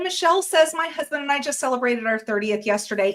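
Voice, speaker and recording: A woman with a somewhat high voice hosts a live craft stream in an upbeat, chatty way. She reads viewer comments aloud and greets each one by name in a casual tone. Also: quick pace, fairly bright tone. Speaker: host of a live jewelry-making stream. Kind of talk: casual livestream chat with viewers.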